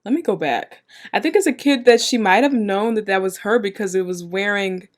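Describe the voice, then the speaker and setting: A woman's voice: medium pitch, lively intonation, a little fast. Emotional, exclamatory woman reacting. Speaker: reaction video host. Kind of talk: casual reaction commentary.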